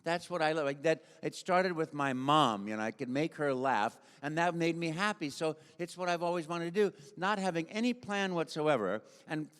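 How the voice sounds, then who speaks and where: Animated older man telling stories. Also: on the high side, normal speed, few pauses, clean tone. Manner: animated storyteller, full of sound effects and voices. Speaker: guest voice actor. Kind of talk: storytelling on a convention stage. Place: convention stage in a large hall. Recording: echoey convention hall.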